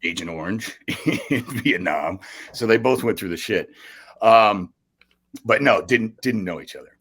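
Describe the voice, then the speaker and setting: A middle-aged man, a radio host, telling stories in a casual podcast chat, animated and laughing often as he acts out other people's lines. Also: fairly low pitch, measured pace, husky. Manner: animated storyteller, bursts of laughter, acts out quoted voices.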